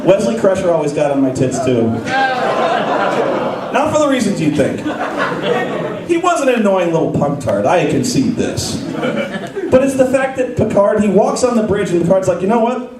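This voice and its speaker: A man doing live stand-up comedy on a convention stage, ranting with animated, profane energy. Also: sits high, moderate pace, long pauses, a loud crowd. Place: convention stage, large hall. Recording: echoey hall recording, mic far off. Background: audience laughing.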